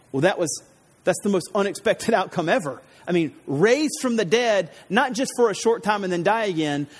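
Male pastor, expository sermon, energetic, casual slang, high-pitched, reverberant church hall. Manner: energetic, casual slang, retells scripture dramatically.

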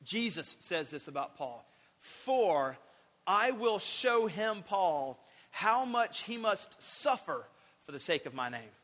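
Animated male preacher in echoing hall. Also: high-pitched, takes it slowly. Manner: animated, acts out quotes, shouts for emphasis. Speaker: pastor. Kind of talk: sermon. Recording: long hall reverb.

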